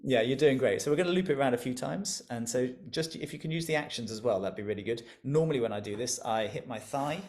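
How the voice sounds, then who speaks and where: A man in a mid-range voice leads an interactive music lesson over a video call. He is warmly encouraging and playful, coaxing listeners to repeat sounds and actions after him. He breaks into easy laughter between instructions. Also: mid-range voice, quick pace, hardly any pauses. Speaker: music educator leading an online workshop.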